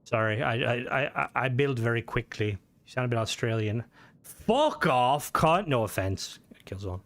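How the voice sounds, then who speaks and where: A man's voice: mid-range voice, fairly even intonation, fairly quick, fairly bright tone. A young Irish man chatting casually on a game stream, rambling, swearing freely and answering chat.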